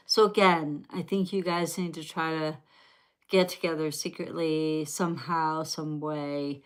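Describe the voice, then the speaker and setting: Southern woman, live tarot reader, low and slow, chatty and meandering. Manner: rambling, chatty, talks directly to viewers. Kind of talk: live-stream tarot reading.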